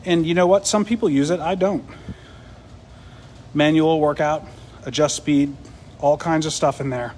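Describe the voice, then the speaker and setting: A man's voice: fairly high pitch, fairly even intonation, unhurried, long pauses, darkish tone, slight background noise. Winded man chatting casually. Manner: chatty, restarts often, reads viewer questions aloud. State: out of breath. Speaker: co-host. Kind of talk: casual live demo chat.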